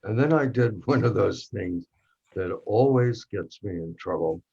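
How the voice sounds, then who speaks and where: A man in a workshop reading, playing a narrator who recalls a charged night with a film actor, telling it intimately and dropping to a hush at tense moments. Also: lowish voice, lively intonation, measured pace, vocal fry, husky, full character voice. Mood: reflective. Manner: intimate, drops to hushed tones for tense moments. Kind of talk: dramatic monologue reading. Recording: dull lo-fi recording.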